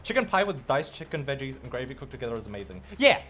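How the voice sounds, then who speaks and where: A man's voice: mid-range voice, big pitch swings, fast, sharp tone. A young man, a streamer, chatting casually and playfully with viewers while gaming. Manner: chatty and playful, reacts to chat. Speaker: streamer and host.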